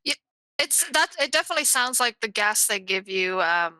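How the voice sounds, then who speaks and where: A woman's voice: mid-range voice, animated, normal speed, sharp tone, smooth, dry recording, rough recording. A woman chatting casually on a stream, stammering and restarting her sentences often. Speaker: stream guest. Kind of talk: casual chat.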